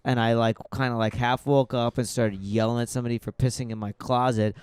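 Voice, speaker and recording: A man's voice: mid-range voice, little pitch movement, brisk, clean tone, dry recording. A man co-hosting a podcast, rambling in casual chat with many "like"s. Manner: rambling, hedging with "like". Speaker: podcast co-host.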